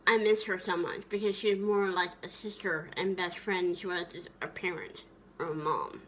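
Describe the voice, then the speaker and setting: A woman's voice: on the low side, normal speed, a bit bright, a little hiss or hum. A woman vlogger reminiscing tenderly in a casual, rambling way, with many fillers and restarts.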